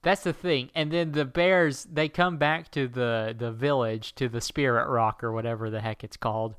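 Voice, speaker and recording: A man's voice: mid-range voice, fairly even intonation, normal speed, a bit bright, clean tone, dry recording, studio quality. A man co-hosting a casual comedic chat, recapping a plot in a rambling, jokey way and doing silly quoted voices. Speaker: podcast co-host.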